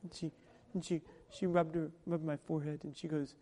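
A pastor delivers a sermon in a large hall whose long reverb fills the recording, along with a little hiss or hum. His voice sits on the high side, flat and fairly quick, and his conversational preaching swings between soft asides and loud, emphatic peaks.

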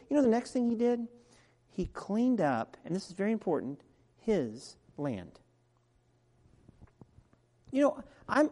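A man preaching a sermon as pastor, talking in a conversational way that drops to quiet asides and rises to loud, emphatic peaks. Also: high-pitched. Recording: long reverb of a large hall.

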